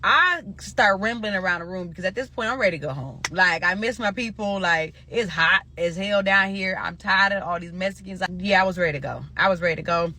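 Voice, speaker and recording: Bright-voiced woman telling a story. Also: mid-range voice, a little fast, hardly any pauses, slight background noise. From Omaha, Nebraska. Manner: animated, profane, addresses viewers as y'all. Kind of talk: casual storytime.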